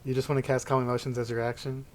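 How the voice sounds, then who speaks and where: A man with a mid-range voice runs a tabletop game. He explains rules and narrates enemy actions in a relaxed, conversational way. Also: medium pitch, very fast, slight background noise. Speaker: game master.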